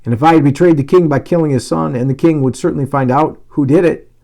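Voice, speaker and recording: A male pastor reading a Bible passage aloud, giving the dialogue lively emphasis, with occasional slips and restarts. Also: on the high side, quick pace, gravelly.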